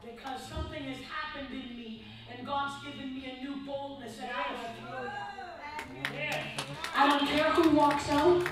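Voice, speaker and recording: A woman preacher delivering a bold, defiant revival sermon at a church camp meeting, rising into shouts. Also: high voice, steady tone, normal speed. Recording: echoey church hall from far off.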